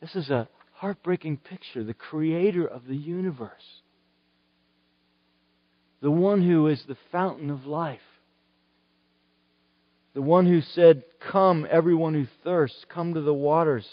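A man's voice: a little high, unhurried, long pauses, dry recording. Earnest male preacher, muffled recording. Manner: earnest, rising to emphatic declarations. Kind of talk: sermon.

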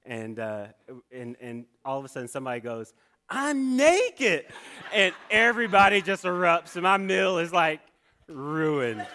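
A man telling a personal story in a sermon, animated, with many restarts and asides. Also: sits high.

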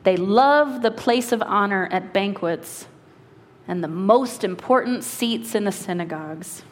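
Woman pastor preaching in a reverberant hall. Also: medium pitch. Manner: earnest, slows for emphasis, brisk asides. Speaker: lead pastor. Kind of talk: sermon with scripture reading.

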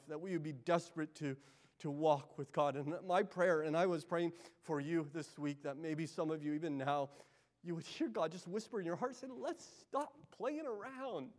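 A man preaching a sermon as pastor, moving between loud pleading passages and hushed, intimate ones. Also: a little high, moderate pace.

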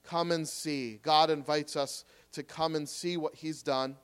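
Male pastor, slightly high voice, earnest pleading sermon delivery, loud urging dropping to quiet reassurance. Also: fairly even intonation, a little slow, clean tone.

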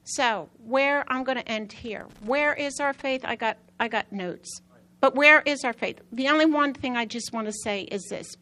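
A woman preacher giving a sermon with personal testimony, an animated storyteller who repeats phrases for emphasis and whose voice climbs high when excited. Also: moderate pace.

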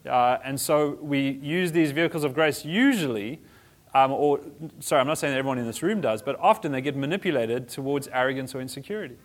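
A man's voice: medium pitch, lively intonation, brisk. A man teaching a church group in a conversational style, restarting phrases and adding humorous asides. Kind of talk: informal teaching talk.

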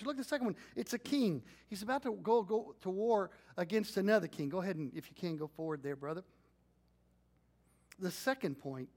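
A middle-aged male pastor preaching a conversational sermon, asking his congregation questions and dropping into quiet, intimate asides. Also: high-pitched, animated, fairly quick.

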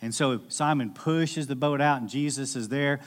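A man preaching a sermon as a pastor, telling a scripture story with lively acted-out voices. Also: mid-range voice, normal speed.

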